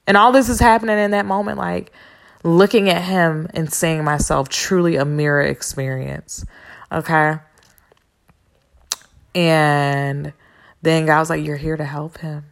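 Speaking slowly with long pauses, this woman has a low, creaky voice and a steady tone. She hosts a podcast and tells a personal story as a casual monologue that is candid, blunt and profane, full of slangy asides.

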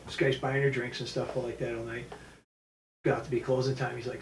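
A man's voice: medium pitch, moderate pace, slight background noise. A man from New telling stories as a martial arts instructor in a casual interview, often acting out quotes in his stories. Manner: animated storyteller acting out quotes. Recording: echoey room, mic at a distance.

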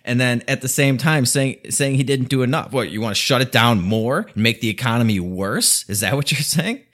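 A man's voice: medium pitch, animated, brisk, a bit bright. A man hosting a podcast, giving opinionated political commentary in a casual, conversational way, often laughing as he talks. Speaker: podcast host.

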